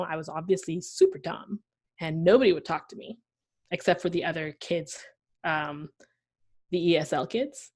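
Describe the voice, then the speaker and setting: A young woman from Pakistan talks as a podcast guest, her voice sitting a little low for a woman. She tells her story with energy, slipping into the voices of the people she quotes. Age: young adult. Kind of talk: conversational podcast interview.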